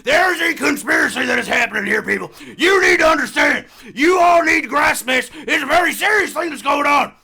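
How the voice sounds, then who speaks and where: Brief: man doing a raspy, yelling conspiracy broadcaster, preachy, hammering at the listeners. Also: extremely high pitch, lively intonation, brisk, few pauses, pitched above the performer's own voice, full character voice. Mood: ranting. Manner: bellowing, preachy, addresses "people". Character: loud ranting conspiracy radio host, man. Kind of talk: comic impression in casual podcast.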